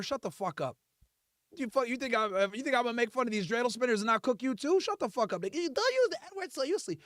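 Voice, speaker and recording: A man's voice: extremely high pitch, fairly bright tone, no room sound, studio quality. A man hosting a livestream, ranting in a profane, heated and mocking way. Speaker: livestream host. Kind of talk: livestream rant.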